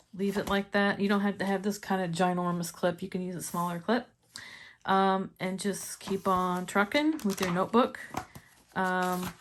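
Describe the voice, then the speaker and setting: A woman's voice: lowish voice, a little hiss or hum. A woman with a Missouri accent chatting casually in a planner review vlog, laughing often and sounding enthusiastic. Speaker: planner vlogger.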